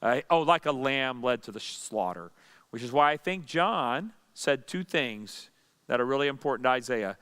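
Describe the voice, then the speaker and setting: Smooth-voiced man teaching Bible study. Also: medium pitch, expressive, normal speed, a bit bright. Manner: conversational, asks and answers his own questions, jokes.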